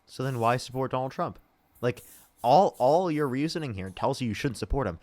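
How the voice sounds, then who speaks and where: A man's voice: medium pitch, expressive, a little fast, darkish tone. A young man hosting a live debate stream, arguing and pressing his guest with repeated questions. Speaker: debate show host.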